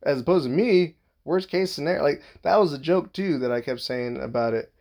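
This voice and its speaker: A man's voice: fairly high pitch, fairly quick, a little mellow. A young man telling a casual, profane story, rambling with lots of filler words and acting out what people said. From Southern California. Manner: profane, rambling, full of "like" fillers, acts out quoted talk.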